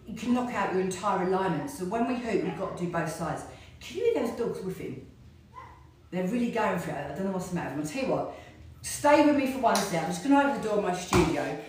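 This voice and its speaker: Middle-aged woman rambling on while she hoops, lowish voice, big echoey room, mic a way off. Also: far from the mic. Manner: chatty and rambling, talking while exercising. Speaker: fitness instructor. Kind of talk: casual chat while hula hooping. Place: her home fitness studio.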